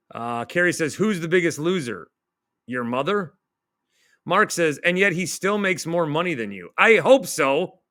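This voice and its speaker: A man's voice: fairly high pitch, unhurried, dry recording, clean studio sound. Sarcastic man ranting over comments. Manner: sarcastic, animated rant. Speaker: radio host. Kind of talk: reading and mocking online comments.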